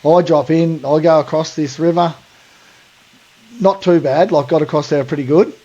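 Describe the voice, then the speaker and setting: A man's voice: on the high side, fairly even intonation, moderate pace, warm tone, dull audio. An Australian man hosting a podcast, telling a long story in a rambling, slangy way full of fillers. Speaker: podcast host. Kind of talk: casual storytelling.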